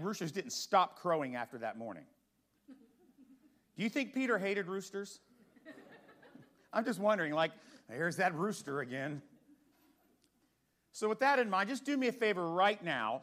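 High-voiced man preaching a sermon. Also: a bit bright. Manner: conversational preaching with rhetorical questions to the congregation. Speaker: pastor.

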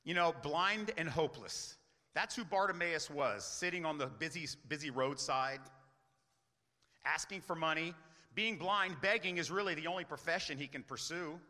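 Male pastor, earnest sermon, high voice, bright tone, reverberant hall. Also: moderate pace. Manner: earnest preaching with rhetorical questions.

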